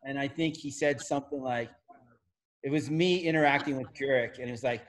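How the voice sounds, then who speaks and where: A man's voice: mid-range voice, brisk. A man hosting a casual group video call, asking easygoing questions and laughing along. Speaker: podcast host.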